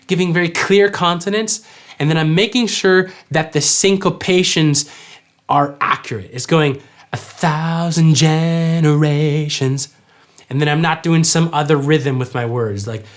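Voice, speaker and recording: A man teaching worship vocals, explaining clearly and singing short examples. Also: on the high side. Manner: clear, instructive, demonstrates by singing. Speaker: vocal coach. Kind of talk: vocal tutorial with sung examples.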